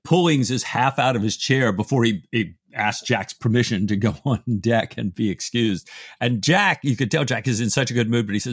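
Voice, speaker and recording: A man's voice: medium pitch, expressive, normal speed, breathy edge, no room sound, clean studio sound. A man co-hosting a casual book discussion, retelling scenes in a chatty, amused way with many "you know"s. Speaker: podcast co-host.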